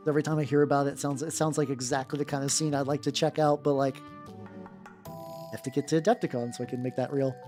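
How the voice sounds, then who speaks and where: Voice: mid-range voice, steady tone, quick pace, mellow. A streamer chatting casually on a livestream while painting miniatures, rambling with many restarts and some swearing. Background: faint background music.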